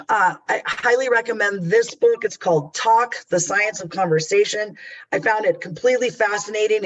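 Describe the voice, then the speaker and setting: Chatty middle-aged guy teaching a webinar, high voice, kinda dull lo-fi sound. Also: fairly bright tone. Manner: conversational, chatty and candid. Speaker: customer service trainer. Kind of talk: webinar presentation.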